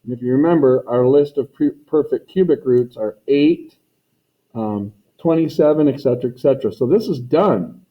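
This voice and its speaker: A man's voice: mid-range voice, moderate pace. A man teaching a math lesson in a folksy way, talking students through each step and repeating his catchphrases. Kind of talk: recorded classroom lesson. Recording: tinny phone-like recording.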